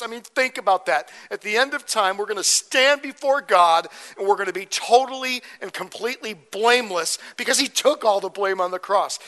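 A man's voice: high-pitched, pushed and bright, in a large hall. A man preaching a verse-by-verse sermon as pastor, conversational, often checking in with "okay?" and "right?". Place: church sanctuary.

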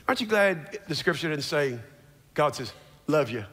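A man preaching a sermon as a church's founding pastor on a large stage, swinging from low murmurs to shouted declarations. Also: expressive, moderate pace, long reverb tail, slight background noise.

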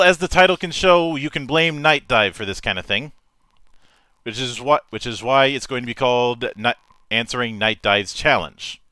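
A man's voice: mid-range voice, pushed and bright, clear, resonant tone, dry recording. A man hosting a casual gaming podcast, theatrical and profane, rambling through his thoughts with frequent restarts. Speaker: podcast host. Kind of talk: casual chat.

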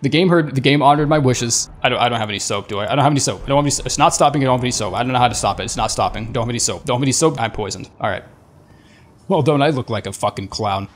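A man's voice: mid-range voice, very fast. A young man giving casual, profane commentary over a game, talking back at enemies with sarcasm and stammered restarts. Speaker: gaming YouTuber.

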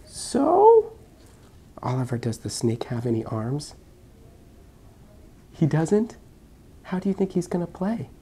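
Mom reading a picture book to her little kid, husky and very lively, lots of questions. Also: extremely low pitch, a little slow, long pauses. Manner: animated, asks the child lots of questions. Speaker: physician reading to her child.

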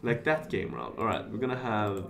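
A man commentating his own live stream. He thinks out loud, reads chat messages and jumps from mutters to shouts of excitement. His pitch swings widely and lively. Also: normal speed, gravelly, a crowd in the background. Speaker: casino streamer.

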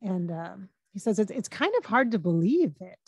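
A woman working as a psychic medium, talking casually and relaying quotes in her own plain voice with frequent pauses and restarts. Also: mid-range voice, very animated, slightly rough, no echo. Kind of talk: casual channeling session monologue.

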